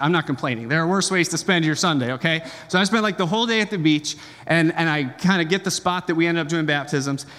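A man's voice: on the high side, bright, forceful tone, long reverb tail. A man preaching a sermon as pastor, conversational and joking, often checking in with the congregation.

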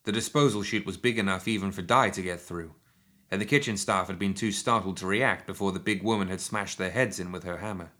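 A man narrating a written action story in a steady, measured storytelling manner. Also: sits low. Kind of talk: scripted audiobook narration.

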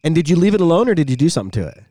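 A middle-aged man co-hosting a podcast, an animated storyteller who used to be a radio voice guy, chatting casually. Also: fairly high pitch, racing, dry recording. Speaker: podcast co-host.

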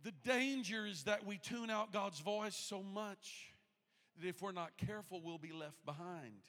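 A man preaching a sermon as pastor of the church, moving from quiet storytelling to loud, shouted calls to the congregation. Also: sits high, measured pace, long reverb tail. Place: church sanctuary.

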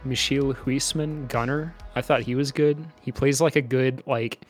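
A man talks loosely through a casual podcast chat, with lots of "like" and "uh" as he goes. His pitch sits in a middling range. Soft music plays faintly underneath. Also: steady tone, moderate pace, hardly any pauses. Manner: chatty, loose, full of "like" and "uh" fillers. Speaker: podcast co-host. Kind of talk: casual chat about a movie.

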